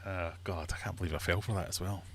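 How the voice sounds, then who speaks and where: A man hosting a casual livestream from his fish room, chatty and quick to laugh while telling jokes. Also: sits low, steady tone, creaky, husky. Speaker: livestream host.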